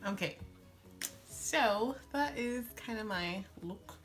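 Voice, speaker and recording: A woman in her twenties chatting excitedly while doing a makeup tutorial, gushing and giggling as she tells a story. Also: mid-range voice, slow pace, loud music behind the voice. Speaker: beauty vlogger.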